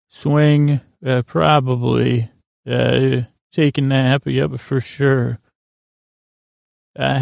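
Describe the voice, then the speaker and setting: Gravelly man rambling through improv comedy. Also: mid-range voice, darkish tone, dry recording, clean studio sound. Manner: rambling, halting, full of restarts. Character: earnest boy king Tommen. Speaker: comedy podcast host.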